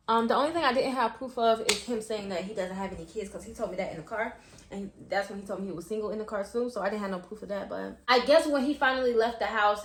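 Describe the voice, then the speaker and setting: Young woman, animated and profane storytime vlogger, slightly high voice, echoey room. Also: slight background noise. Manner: animated, profane, acts out quotes. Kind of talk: storytime vlog.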